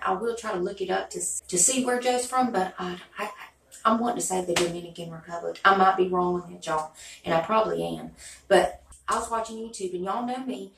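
Gravelly-voiced woman chatting, roomy and distant. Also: mid-range voice. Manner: chatty, folksy, talks straight to viewers. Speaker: beauty YouTuber. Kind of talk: rambling casual vlog chat.

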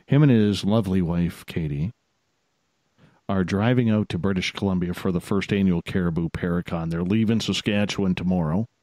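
A man hosts a casual radio chat in a low, deep voice. He rambles and jokes his way through shout-outs. The sound is dry and close, with no room around it. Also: moderate pace, no echo. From Canada. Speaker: radio show host.

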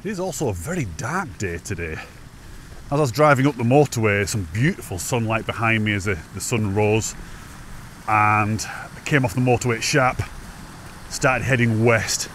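A man's voice: on the low side, moderate pace, a bit bright, slight background noise. A man chatting casually on a wet hillside walk, a bit out of breath, laughing often and poking fun at himself. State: slightly out of breath. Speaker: hiking vlogger. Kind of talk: casual walking vlog chat. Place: outdoors on a wet, windy mountain path.

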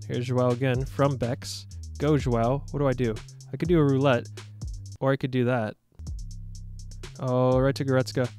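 A young man giving casual, playful commentary over his own gameplay, joking at his own expense and bursting into excited shouts during play. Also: mid-range voice. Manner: playful, self-mocking, excitable bursts while playing. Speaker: gaming YouTuber.

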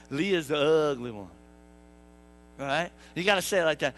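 Faint music plays behind a young adult pastor in a church sanctuary as he gives a funny sermon, playing the characters and asking the congregation questions. His somewhat high voice has lively intonation, normal speed and long pauses, a bit bright, on a rough recording.

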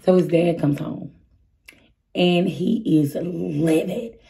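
Low, gravelly woman telling a story. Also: steady tone, takes it slowly, noisy background. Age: 30s. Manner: candid and chatty, speaks straight to viewers. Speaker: vlogger. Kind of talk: casual storytime chat.

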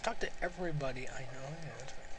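A man's voice: mid-range voice, fast talker. A young man giving casual, rambling let's-play commentary, self-mocking and out of breath, breathing heavily into a close mic. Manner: rambling, self-mocking, frequent laughs and sighs. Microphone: close home mic. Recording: noisy home recording.

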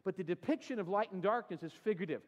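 A man's voice: high-pitched, quick pace, long reverb tail. A man preaching a sermon as pastor, telling a humorous story and acting out the voices in it, then turning to scripture. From California. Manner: animated storyteller, acts out quotes, self-deprecating humor. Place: church sanctuary.

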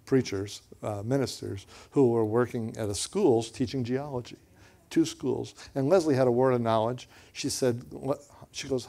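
Man, preacher, medium-pitched voice, lively storytelling, repeats himself, acts out quotes. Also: moderate pace, vocal fry. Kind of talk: storytelling sermon.

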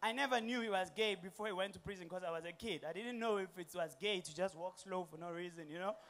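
A young South African man performing a stand-up comedy set, animated and slipping into voices and township slang. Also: sits high, quick pace, slight background noise. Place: comedy stage before a live audience.

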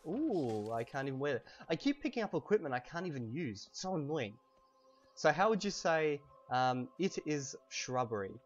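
A man giving a casual language lesson while playing a video game, saying example phrases slowly and making quick offhand asides. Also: a little high, big pitch swings, soft background music. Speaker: language teacher and gamer. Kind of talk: casual lesson over gameplay.

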